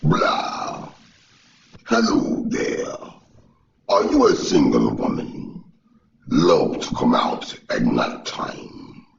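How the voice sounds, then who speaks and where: A man voicing a seductive male vampire count who drawls slowly and savors his words. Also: a bass voice, wildly swooping pitch, creaky, full character voice. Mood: sultry. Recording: echoey lo-fi recording.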